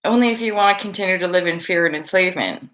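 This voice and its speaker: A woman's voice: fairly low pitch, fast talker, a bit bright. A woman in her thirties hosting a vlog, chatting to camera in a rambling, laughing way with some swearing. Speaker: vlog host. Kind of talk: casual chat to camera. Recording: echoey room.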